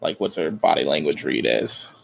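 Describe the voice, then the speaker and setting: A man's voice: rumbling low, expressive, moderate pace, gravelly. A man playing a tabletop game, asking hesitant questions from off the microphone. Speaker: player. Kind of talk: casual table talk.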